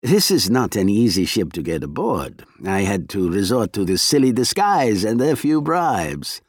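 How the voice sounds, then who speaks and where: A man's voice: lowish voice, very animated, moderate pace, dry recording, studio quality. A man putting on a genial, menacing Soviet agent. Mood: genial menace. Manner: polite, smooth, coldly courteous.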